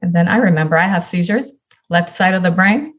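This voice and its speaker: A woman's voice: fairly low pitch, fairly quick, muffled recording. A woman, a podcast guest, earnestly telling a personal story and acting out the dialogue in it.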